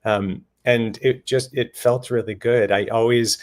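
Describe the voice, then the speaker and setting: A man speaking as a panel guest in a casual discussion, earnest and animated, slipping quick quoted asides into his stories. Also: mid-range voice. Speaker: panel guest on voting and redistricting.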